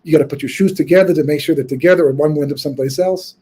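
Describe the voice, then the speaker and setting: In his weekly Torah class, a rabbi with a fairly high, dark, slightly rough voice talks rapid-fire. He tells stories informally and thinks out loud, often restarting his sentences in this conversational lecture.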